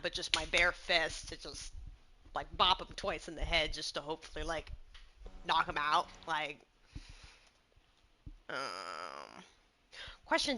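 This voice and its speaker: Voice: mid-range voice, pushed and bright. A tabletop game player chatting casually through their turn, full of fillers, swearing and laughter.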